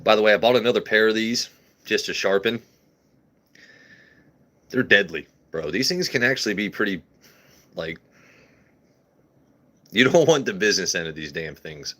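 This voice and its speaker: A man's voice: on the low side, expressive, moderate pace, pauses often, pushed and bright. A man hosting a livestream in casual chat, crude and rambling with jokes and swearing. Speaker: livestream host.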